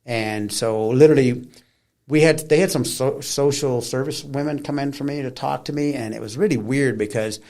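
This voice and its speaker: A middle-aged man, appearing as an interview guest, tells stories in a conversational way and often acts out the voices of the people he quotes. His voice is medium in pitch and his pace is moderate.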